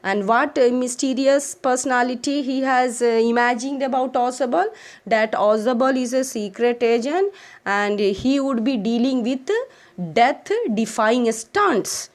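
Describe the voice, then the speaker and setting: A woman's voice: a little high, unhurried. A woman teacher with an Indian English accent who reads a textbook chapter aloud and explains it to children, repeating phrases and defining words as she goes.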